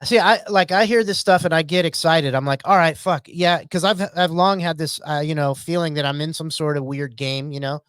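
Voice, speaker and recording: A man hosting a podcast in casual chat, excitable and rambling, full of "like" and "you know". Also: on the high side, a little fast, hardly any pauses, clean tone, no echo. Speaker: podcast host.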